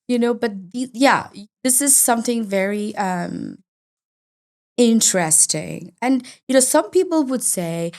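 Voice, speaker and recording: Expressive woman guest on a podcast. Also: mid-range voice, unhurried. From India. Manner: expressive and emphatic, laughs easily, rephrases herself mid-sentence. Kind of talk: conversational podcast interview.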